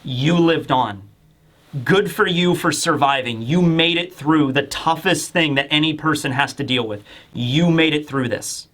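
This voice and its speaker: A man's voice: a little high, unhurried, fairly bright tone. A man hosting a casual manga review, talking in a rambling, enthusiastic way. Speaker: host.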